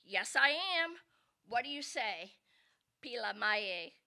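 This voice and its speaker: Woman doing a protective mother, firm, stern, reassuring, lively voice. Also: a little high, moderate pace. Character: firm, protective mother, small but fierce.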